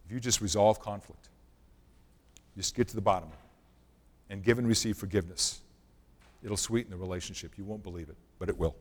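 A middle-aged male pastor preaching a sermon in a conversational way, sometimes dropping his voice very low for emphasis. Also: brisk, pauses often. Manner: conversational preaching, drops to near-whisper for emphasis. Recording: long hall reverb.

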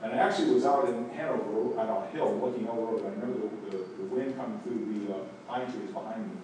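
A man preaching a sermon as pastor, telling stories and swinging from hushed moments to emphatic ones. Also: fairly low pitch, fast talker, background noise. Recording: echoey room, voice from a distance.

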